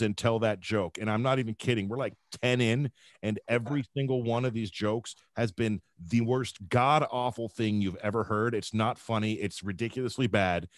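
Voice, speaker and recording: A man's voice: medium pitch, no echo. A man hosting a dad podcast, chatty and teasing as he leads the talk. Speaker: podcast host. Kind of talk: casual chat.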